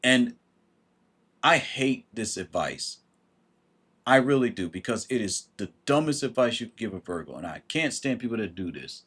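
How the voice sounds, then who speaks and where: Male livestream host, husky, blunt and emphatic, casual advice talk. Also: lowish voice, big pitch swings, normal speed, a bit bright. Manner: blunt and emphatic, swears, greets viewers by name.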